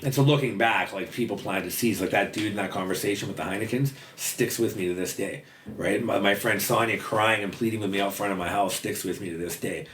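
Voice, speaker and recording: A man's voice: on the low side, brisk, a bit bright, slight background noise. A man telling his story as a podcast guest, blunt and swearing freely, with lots of fillers. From western Canada. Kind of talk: casual storytelling interview.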